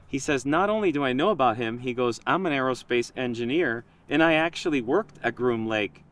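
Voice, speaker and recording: A man in casual conversation, telling a story in an animated way and quoting himself and others. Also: medium pitch, brisk. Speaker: project creator.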